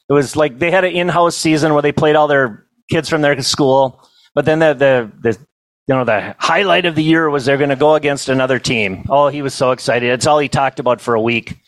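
A middle-aged man telling funny stories at a banquet, in a folksy, self-amused way with quick asides to the crowd. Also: a little high, dry recording, poor audio. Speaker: banquet storyteller and comedian. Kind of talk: humorous storytelling to a live audience.

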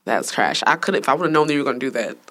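A woman's voice: very deep voice, animated, racing, a bit bright. A young woman hosting a casual podcast, teasing and laughing through the banter. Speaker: podcast host. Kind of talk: casual chat.

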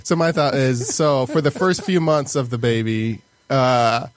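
A man's voice: medium pitch, fairly even intonation, unhurried. A man in casual podcast banter, earnestly explaining his idea at length with many restarts. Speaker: podcast co-host pitching an idea.

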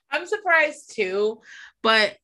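Bright, lively gossiping woman. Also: sits high, drawn-out words. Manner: animated, gossipy, laughs often, swears casually. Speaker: podcast co-host. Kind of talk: casual chat.

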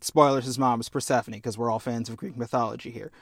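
A man's voice: mid-range voice, level tone, fast talker, creaky, no echo, clean studio sound. A young man hosting a podcast, chatting casually and enthusiastically, swearing freely as he tells stories. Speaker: podcast host. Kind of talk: casual chat.

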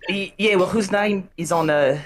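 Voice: mid-range voice, normal speed, slight background noise, voice pushed up, lightly acted. An improviser voicing a bossy, territorial ogre with a put-on New Zealand accent, rambling and mock-stern. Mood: possessive. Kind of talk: improv comedy sketch.

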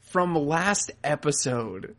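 A man's voice: fairly high pitch, animated, slow, fairly bright tone. A man co-hosting a casual recap podcast, rambling and cracking dry, profane jokes. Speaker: podcast co-host.

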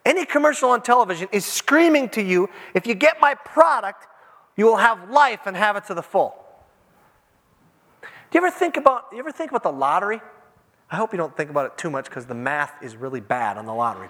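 A man preaching a sermon in an animated, conversational way, acting out quotes as he goes. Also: very high-pitched. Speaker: pastor. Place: church. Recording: long church-hall reverb.

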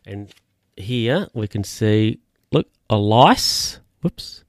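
A man's voice: fairly low pitch, expressive, extremely slow, dry recording, studio quality. A man reading a children's picture book aloud, breaking off for wry, amused asides. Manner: amused, ad-libbing wry comments. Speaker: reader.

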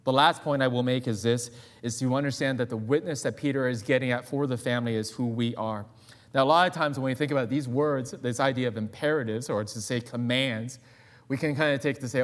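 A man's voice: mid-range voice, brisk. A man preaching a sermon as guest pastor in a church, conversational and full of personal asides.

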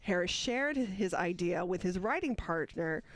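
Female podcast co-host, casual, quick with jokes, sharing trivia. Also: lowish voice, expressive, dry recording. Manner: quick-witted, reads film trivia. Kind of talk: casual chat.

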